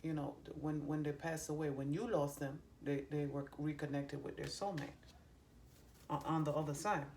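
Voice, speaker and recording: Low, gravelly-voiced woman giving a psychic reading. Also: fairly even intonation, darkish tone. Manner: halting, many ums and restarts, relays heard messages. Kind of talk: channeled reading to viewers. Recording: faint background noise.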